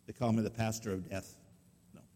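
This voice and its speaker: A male pastor tells a story during a sermon in a folksy, conversational style, often putting questions to his listeners. His voice is low and dark with little pitch movement, delivered briskly. The recording carries the long reverb of a hall.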